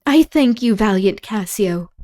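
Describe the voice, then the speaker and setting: A woman's voice: medium pitch, expressive, unhurried, warm tone, pitched above the performer's own voice, lightly acted. Earnest young noblewoman, gracious, careful lifted reading by a woman.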